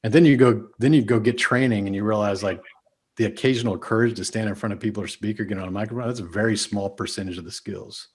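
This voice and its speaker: A man's voice: lowish voice, fast talker, breathy edge. A man speaking as a podcast guest, telling candid stories in casual interview talk and acting out his own past thoughts. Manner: candid, animated storytelling with quoted self-talk. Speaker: podcast guest, business mentor.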